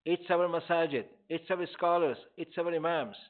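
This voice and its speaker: A man's voice: a little high, normal speed. An older man, a therapist, answering questions from a community audience in a direct, emphatic way. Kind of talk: community Q&A talk. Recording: tinny phone-like sound.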